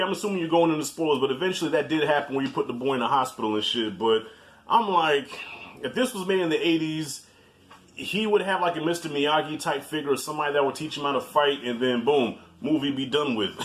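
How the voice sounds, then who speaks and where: A man's voice: on the high side, a little fast, fairly bright tone. A man in his forties giving a blunt, joking, profane movie review as a guest in casual chat. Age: 40s.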